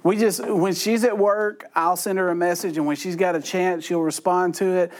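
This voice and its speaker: High-voiced man teaching Bible study. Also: fairly even intonation, normal speed, darkish tone. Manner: joking, conversational, self-deprecating asides. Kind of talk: humorous Bible study talk.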